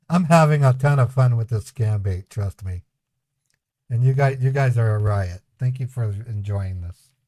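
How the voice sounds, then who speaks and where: Male streamer, casual storyteller who chuckles through anecdotes; mellow timbre, dry close mic. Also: mid-range voice, measured pace, pauses often, no echo. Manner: rambling, chuckling anecdotes with voiced quotes. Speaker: scambaiting livestream host. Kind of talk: casual storytelling to a live chat.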